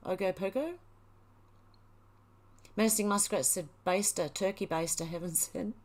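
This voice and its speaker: This livestream host is a middle-aged woman from Australia who reads out chat comments and replies in a relaxed, chatty way. She speaks a little fast in a lowish voice, keeping her intonation fairly even.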